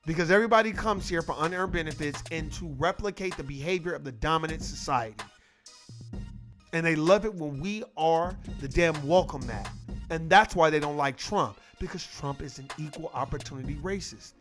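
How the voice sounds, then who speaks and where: A man with a high voice holds forth on camera as an online commentator, emphatic and profane. He hammers his points through repetition in a casual, unscripted rant, with soft music underneath. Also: normal speed.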